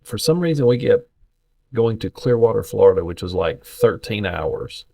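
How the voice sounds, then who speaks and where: A middle-aged man, telling animated, folksy stories as a podcast co-host in casual chat. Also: on the low side, moderate pace, vocal fry.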